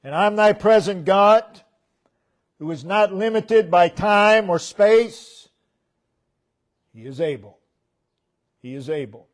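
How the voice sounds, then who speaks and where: A man preaching slowly from the pulpit in a fairly high voice. He hammers on repeated phrases and lets each line sink to a quiet close. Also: lively intonation. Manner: emphatic, repeats phrases, lets line endings drop low and soft. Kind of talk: sermon. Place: church.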